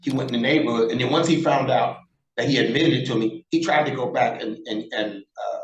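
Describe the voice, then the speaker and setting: Animated storyteller man in his sixties. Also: medium pitch, a little fast, muffled recording. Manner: animated, acts out quoted dialogue, blunt and profane. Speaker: interview guest, former prisoner. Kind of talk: storytelling in a casual interview. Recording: roomy echo.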